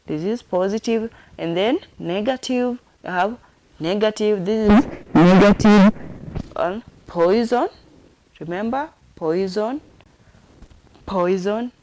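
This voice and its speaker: A woman's voice: mid-range voice, warm tone. A woman teaching sign language, repeating each word and spelling it out letter by letter. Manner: slow, repetitive, spells words letter by letter.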